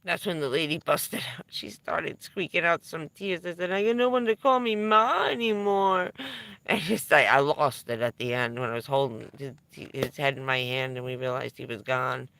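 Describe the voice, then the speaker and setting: A woman's voice: rumbling low, fairly even intonation, moderate pace, creaky, hardly any pauses, a bit bright, dry recording. A middle-aged woman telling a candid, profane story on a livestream, laughing now and then through hard news. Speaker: vlogger.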